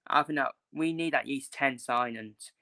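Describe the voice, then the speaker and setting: A young football fan vents in his own vlog, a casual opinion rant that's frustrated, blunt, repetitive and full of swearing. His medium-pitched voice is gravelly yet bright, forceful in tone, and moderately paced.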